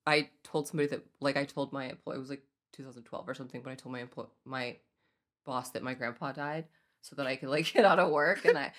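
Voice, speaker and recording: A woman's voice: rumbling low, fast. A woman in her twenties chatting casually as co-host, giggling often and filling her talk with "like". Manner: giggly, chatty, lots of filler likes. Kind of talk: casual chat.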